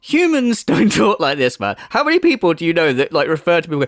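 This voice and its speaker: A man's voice: high voice, huge pitch swings, quick pace, hardly any pauses, fairly bright tone, dry recording, clean studio sound. A man giving profane, sarcastic commentary over video clips, laughing and mocking as he goes. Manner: sarcastic, laughing, swearing freely. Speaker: commentary YouTuber.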